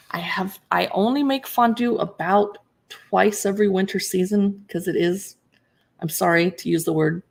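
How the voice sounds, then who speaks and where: A woman's voice: mid-range voice, creaky, slightly rough. A woman who blogs about cookbooks, chatting casually on a live stream as she pages through recipes and answers viewers in chat.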